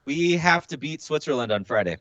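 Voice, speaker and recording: A man's voice: on the high side, expressive, a little fast, fairly bright tone, no echo. A man guest on a podcast explains things plainly and matter-of-factly. His voice sounds slightly dull and lo-fi, dry and close. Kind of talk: casual podcast chat.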